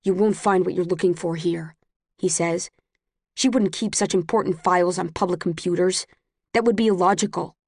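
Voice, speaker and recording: A woman's voice: fairly low pitch, fairly even intonation, normal speed, a little mellow, no echo. An earnest, anxious young man who pleads with his sister, his voice sounding close and plain, as a woman reader voices him. It is an audiobook read in a dry, close recording with no room sound. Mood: cold.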